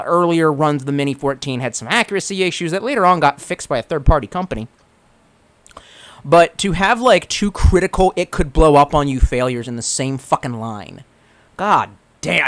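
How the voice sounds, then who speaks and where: Rambling, profane man with a lively voice. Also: fairly high pitch. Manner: rambling, profane, stammering restarts; swings between excited and gloomy. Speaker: livestreamer reading chat. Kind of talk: casual livestream chat.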